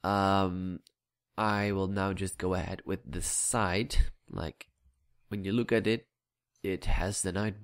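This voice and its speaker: Low-voiced man rambling over gameplay. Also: no room sound, clean studio sound. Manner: rambling, chatty, mutters at himself with filler words; plays with a vague put-on accent. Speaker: Minecraft builder commenting on his build. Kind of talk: casual gameplay building commentary.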